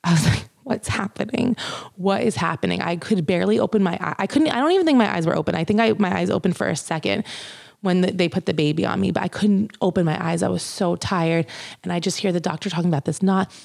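Candid young woman, gravelly low voice. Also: quick pace, darkish tone, no room sound, studio quality. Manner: candid, chatty, swears, quotes others in raised voices. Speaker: mother telling her birth story. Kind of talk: casual storytelling to camera.

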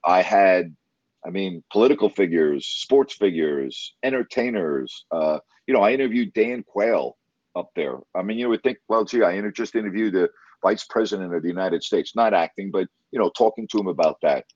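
A low-voiced man tells stories about his interviews in a loose, rambling way, full of enthusiasm and false starts. The sound is dry and slightly muffled, with a lo-fi edge and no room echo. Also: lively intonation, moderate pace, a little mellow. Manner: rambling, enthusiastic, many restarts. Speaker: broadcast interviewer. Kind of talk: casual storytelling in conversation.

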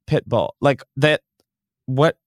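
A young man hosting a podcast in casual chat, animated and swearing freely. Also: mid-range voice, slow pace, no echo, clean studio sound. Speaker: podcast host.

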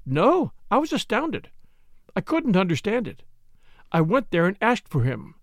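A man's voice: high voice, huge pitch swings, measured pace, no room sound, clean studio sound, voice pushed up, exaggerated voice. A man voicing an earnest, defiant young woman who pleads insistently in an audiobook reading.

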